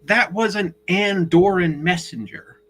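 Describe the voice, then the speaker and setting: Podcast guest, man, somewhat high voice, detailed and explanatory, faint background noise. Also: a little slow, fairly bright tone, rough recording. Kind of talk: casual podcast chat.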